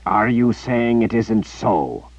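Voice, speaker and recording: A man voicing a deep gravelly tyrant emperor. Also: expressive, no echo, muffled recording, exaggerated voice. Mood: menacing. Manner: slow, threatening, demanding. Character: menacing male tyrant emperor speaking through a young soldier.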